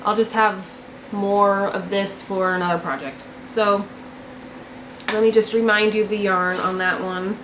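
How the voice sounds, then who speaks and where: A chatty young woman shows off her knitting in a relaxed, gushing way, stacking up repeated words when she gets excited. Her voice sits at an ordinary pitch for a woman. It bounces around an echoey room with a faint hiss behind it. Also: unhurried. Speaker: knitting podcast host. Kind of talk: casual show-and-tell chat.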